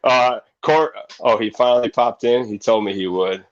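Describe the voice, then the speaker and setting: In a relaxed livestream interview, a snake breeder in his forties tells stories with energy and performs the other people's lines. His voice is medium in pitch and moderate in pace, and the video-call audio sounds muffled and lo-fi.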